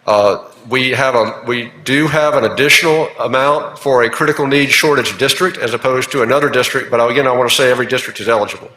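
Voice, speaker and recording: A senator walks the chamber through his bill, steady and explanatory, pausing with uh's. His voice is bright. It rings in a large echoing chamber with a long tail. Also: mid-range voice. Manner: measured, explanatory, with frequent fillers. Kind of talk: legislative floor speech. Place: legislative chamber. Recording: echoey chamber with long reverb.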